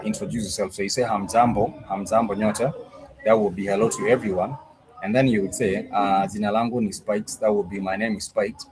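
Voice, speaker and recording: Patient low-voiced man teaching words. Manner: patient, repeats each phrase slowly. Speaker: language teacher. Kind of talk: online language lesson. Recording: steady background noise.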